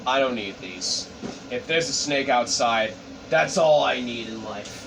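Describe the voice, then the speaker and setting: A man voicing a grim, vengeful young male fighter with a low, gruff, menacing growl. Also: unhurried, reverberant. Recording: distant mic, background noise.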